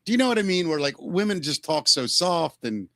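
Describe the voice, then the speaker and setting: A man chatting casually on a podcast, joking and animated. His voice is bright and forceful, and his pitch swings all over. The sound is close and dry. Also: brisk, no echo. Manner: animated, jokey, slips into silly put-on voices. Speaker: podcast co-host. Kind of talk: casual chat, comedic impressions.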